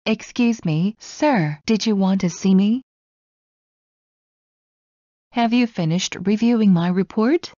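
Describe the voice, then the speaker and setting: A woman slowly reading everyday English phrases one at a time for learners. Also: medium pitch, mellow, dry recording, dull audio. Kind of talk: slow scripted phrase reading.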